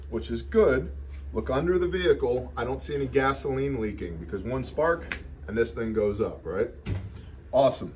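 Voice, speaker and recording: Man, medical instructor, mid-range pitch, storytelling lesson, emphatic asides. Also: a little mellow, slight background noise. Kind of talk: anecdotal teaching talk.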